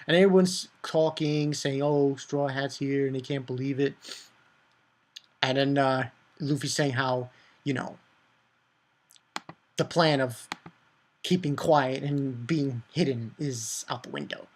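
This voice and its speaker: A man giving a casual manga chapter review, excitable and profane, rambling with many fillers. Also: mid-range voice, measured pace, long pauses.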